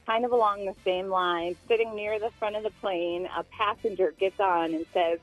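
A woman's voice: medium pitch, steady tone, moderate pace, rough recording. Woman caller on a radio show, telling her story straight, faint music behind. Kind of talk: phone-in story.

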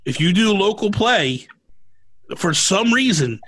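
A man talking as a podcast guest in casual chat, quick and emphatic with joking asides. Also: sits high, very animated, fairly bright tone, poor audio.

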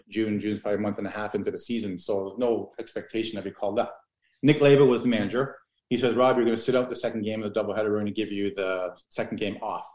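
A man in his fifties telling rambling, animated stories as an interview guest, with many restarts. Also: fairly low pitch. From Canada. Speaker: guest, former pro baseball player. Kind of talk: casual storytelling interview. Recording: roomy echo.

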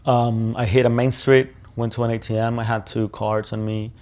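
A man's voice: medium pitch, flat delivery, normal speed, a little mellow. A male journalist recounting a personal ordeal in an interview, talking casually with lots of fillers and swearing.

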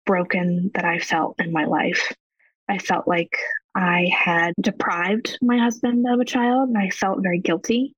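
A woman in her thirties, a guest on a podcast, telling her personal story in an emotional and halting way. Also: lowish voice, fairly even intonation, breathy edge, no echo. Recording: dry, dull lo-fi audio.

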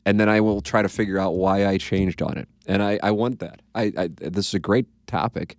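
A man's voice: lowish voice, steady tone, a little fast, no room sound, clean studio sound. A man hosting a podcast in casual chat, rambling and profane, trailing off into asides. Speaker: podcast host.

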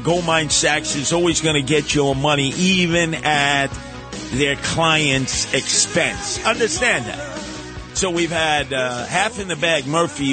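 Sarcastic New radio host. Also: male voice, fairly high pitch. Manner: sarcastic, blustery, mocking. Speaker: radio talk show host. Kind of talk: opinionated talk radio monologue. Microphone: studio microphone.

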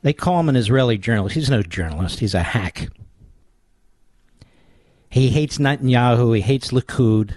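A man's voice: medium pitch, lively intonation, moderate pace, long pauses, darkish tone, no room sound, faint music behind. A man hosting political talk radio in a combative, sarcastic way that often builds into a heated rant.

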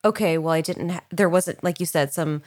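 A woman co-hosting a podcast in casual chat, expressive, laughing often and swearing casually. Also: fairly low pitch, a little fast. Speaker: podcast co-host.

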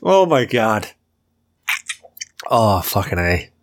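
Animated, laughing man telling a wild story. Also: lowish voice, slow pace, slight background noise. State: drunk. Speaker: podcast co-host. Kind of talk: casual chat, storytelling.

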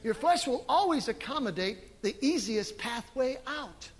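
A middle-aged man preaching a sermon as pastor, animated and emphatic, with sudden loud swells. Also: extremely high pitch, a little slow, big-room sound. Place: church sanctuary.

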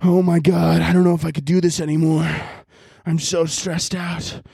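A man putting on a hammy, overwrought voice-over actor who shouts and strains every line. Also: on the high side, flat delivery, normal speed, vocal fry, slightly rough, no echo, clean studio sound. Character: over-the-top male dub actor, melodramatic.

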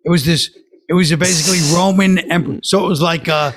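A man's voice: on the high side, fast talker, slight background noise. A man, a guest comedian, telling rambling anecdotes in a dry way. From Brooklyn, New York. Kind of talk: casual chat, storytelling.

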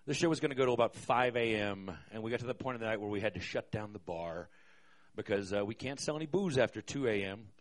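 A man's voice: lowish voice, fast talker. A man, a concert venue manager, telling a live stage story in a wry, profane way, hesitating often with fillers.

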